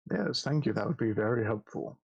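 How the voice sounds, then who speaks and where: A man's voice: medium pitch, expressive, a little fast, vocal fry, darkish tone, slightly rough, muffled recording. A man playing a courtly, formal-spoken adventurer in a tabletop game. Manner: formal, stately.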